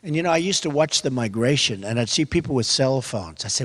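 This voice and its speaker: An older man in his seventies giving a campaign speech at a rally event, repetitive and emphatic, swinging between quiet asides and loud bursts. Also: medium pitch, lively intonation, a little fast. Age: 70s. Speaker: candidate speaking at a rally event. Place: large hall with an audience. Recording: echoey hall with crowd behind.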